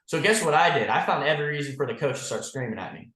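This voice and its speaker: A man's voice: fairly high pitch, big pitch swings, quick pace, hardly any pauses, fairly bright tone, roomy sound. A man leading an insurance agency's team call, talking bluntly and profanely and saying "like" and "guys" constantly. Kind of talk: motivational team call talk.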